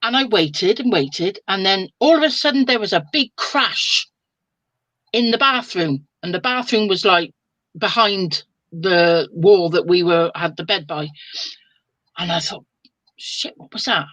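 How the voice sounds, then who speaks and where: A woman's voice: mid-range voice, unhurried, no echo. Chatty older Englishwoman telling a story. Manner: chatty and lively, with colloquial exclamations. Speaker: spiritual medium guest. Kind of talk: casual storytelling on a live video chat.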